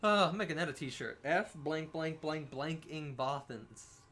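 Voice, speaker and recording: A man's voice: a little high, measured pace, slight background noise. A young man co-hosting a game livestream, chatting loosely and swearing freely as he plays. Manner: loose, animated, swears freely, laughs often. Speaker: livestream co-host. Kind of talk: casual chat while playing a video game.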